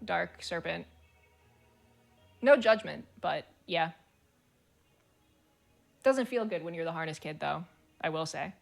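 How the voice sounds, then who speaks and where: A woman's voice: on the low side, slow pace, gravelly, long pauses, faint music behind. A woman streamer chatting casually and reading forum posts aloud, blunt, swearing freely and laughing as she talks.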